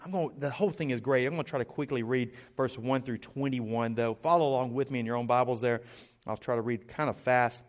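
A man's voice: medium pitch, quick pace. A man preaching a sermon as a pastor, earnest and emphatic.

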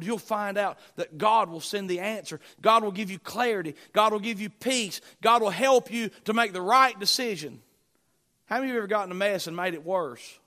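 A middle-aged man preaching a sermon as pastor, with emphatic bursts that rise and drop to quiet asides. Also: sits high.

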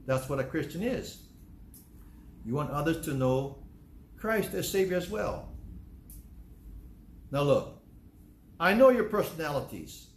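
A male pastor delivering a sermon, conversational but breaking into loud emphatic bursts. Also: on the high side, very animated, unhurried, pauses often, a little hiss or hum. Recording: echoey room.

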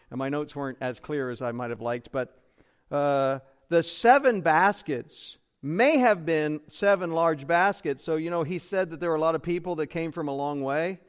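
A man's voice: on the high side, smooth. A man preaching a sermon as pastor, conversational and full of rhetorical questions to the congregation. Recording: church broadcast recording.

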